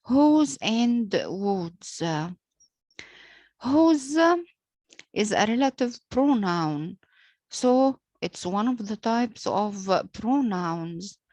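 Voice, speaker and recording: A woman whose first language is Arabic teaches English poetry meter at a very slow, deliberate pace. She pauses often with "uh" and follows British pronunciation. Her voice is recorded dry and close, with no room echo. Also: mid-range voice, expressive, dark tone. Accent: British-leaning English pronunciation. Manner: slow and deliberate, frequent "uh" pauses, spells out letters. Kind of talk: slow explanatory lecture.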